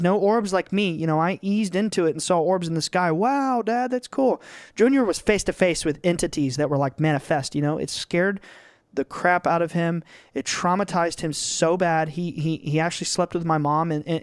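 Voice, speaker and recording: A man's voice: a little high, no room sound, studio quality. A man in his twenties, a podcast guest, telling stories earnestly and with energy in casual chat. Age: 20s. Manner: earnest, animated storytelling with restarts.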